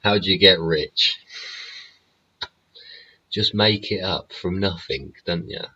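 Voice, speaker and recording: Sweary low-voiced man hosting. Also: slow pace, sharp tone, husky, lo-fi sound. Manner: sweary, chatty, laughs often. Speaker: show host. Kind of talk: casual rambling monologue. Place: home studio.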